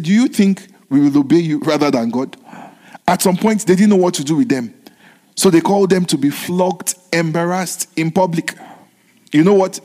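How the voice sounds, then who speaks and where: A man's voice: a little high, darkish tone. A male preacher delivering a sermon in a slightly raised voice, leaning on repetition and calling out to his listeners for a response. His voice rings with the long reverb of a large hall.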